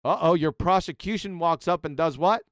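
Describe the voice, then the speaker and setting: A live stream host reacting to clips mocks one with profane, sarcastic commentary, ranting and insulting. His voice is a little high at normal speed, with a dry, clean studio recording.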